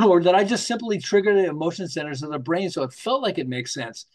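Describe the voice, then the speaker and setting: A fairly high-voiced American man, a marketing author appearing as a guest, tells stories in an interview at a slightly quick clip. He's animated, acting out little scenes, hopping from jokes to examples and restarting sentences as he rambles along.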